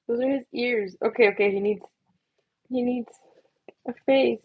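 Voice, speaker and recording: A woman's voice: a little high, steady tone, moderate pace, husky, dry recording, narrow, tinny audio. A young woman hosting a casual drawing livestream, chatty and giggly, laughing at her own doodles as she talks. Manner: giggly, chatty, self-mocking.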